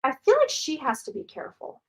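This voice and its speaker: A woman's voice: high voice, big pitch swings, fast, a bit bright, rough recording. A woman hosting a casual psychic livestream from home, chatting loosely, repeating herself and answering viewer questions. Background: dog barking.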